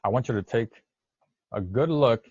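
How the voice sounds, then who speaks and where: A man's voice: medium pitch, moderate pace, a little mellow, husky. Lo-fi male teacher, encouraging. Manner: encouraging, repeats words for students to echo; speaks some Spanish to the class. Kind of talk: virtual classroom lesson over slides. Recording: dull lo-fi dry sound.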